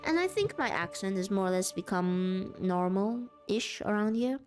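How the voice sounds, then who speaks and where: Woman rambling away on a cozy stream, laughs a lot, soft music behind. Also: mid-range voice, animated, moderate pace. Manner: rambling, chatty, laughs often. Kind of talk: casual live-stream chat.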